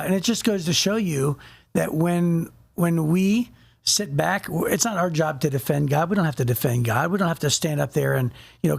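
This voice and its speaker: A man's voice: on the high side, gravelly. A man co-hosting a casual Bible discussion podcast, telling stories and acting out quotes. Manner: animated storyteller, acts out quotes. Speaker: podcast co-host.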